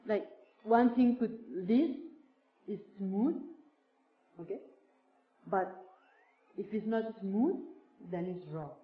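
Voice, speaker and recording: Slow woman doing a reflective spiritual talk, lots of "like", echoey room, kinda muffled. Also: medium pitch, expressive. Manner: slow, searching, many fillers like "like". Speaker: speaker sharing a teacher's words with a group. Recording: roomy, dull lo-fi sound.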